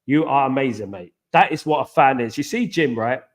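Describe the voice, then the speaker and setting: An English man hosting a casual live stream, chatting with viewers in an animated, repetitive, banter-heavy way with slang shout-outs. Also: mid-range voice, fairly quick. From England.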